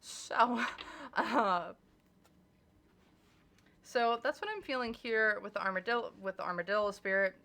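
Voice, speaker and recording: A young woman talks through a casual tarot reading in a bright, forward voice. She is blunt and emphatic, swearing without hesitation and slipping into little acted-out exchanges. Her pitch sits right in the middle of her range. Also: measured pace, vocal fry, long pauses. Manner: animated and emphatic, acts out little dialogues. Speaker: tarot reader.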